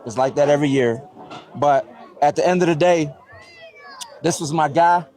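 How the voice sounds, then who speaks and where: A man with a somewhat high voice speaks at a youth sports award presentation. He is choked up and heartfelt, and keeps checking in with his listeners as he goes. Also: moderate pace, a little mellow. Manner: heartfelt, often adds "right?". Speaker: organization CEO presenting an award. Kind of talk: emotional award speech.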